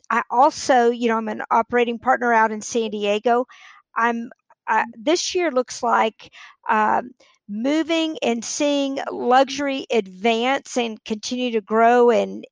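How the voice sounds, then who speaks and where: Podcast guest, woman, fairly high voice, businesslike, voice going, dry sound. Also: creaky, no echo. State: losing her voice. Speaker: podcast guest, real estate leader. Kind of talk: casual interview talk.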